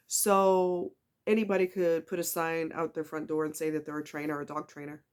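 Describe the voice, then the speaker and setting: A woman's voice: sits low, little pitch movement, normal speed, darkish tone. A woman chatting casually to camera in a rambling, emotional vlog. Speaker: vlogger.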